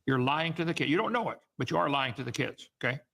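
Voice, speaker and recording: A man's voice: on the high side, expressive, fast talker, creaky, fairly bright tone, breathy edge. A man hosting a call-in show, lecturing in an emphatic, mocking way. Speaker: host. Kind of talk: argumentative call-in commentary.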